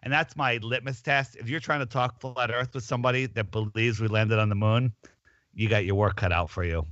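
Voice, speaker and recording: Rambling storytelling man, bright dull audio. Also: medium pitch, fairly even intonation, brisk, no echo. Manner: rambling storyteller, many restarts. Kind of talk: casual chat.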